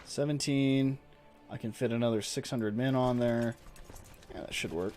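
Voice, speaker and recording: A man casually commenting on his strategy game, muttering to himself and reading the game's text aloud. Mid-pitched and conversational, with soft game music running behind him. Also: steady tone, moderate pace. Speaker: game streamer.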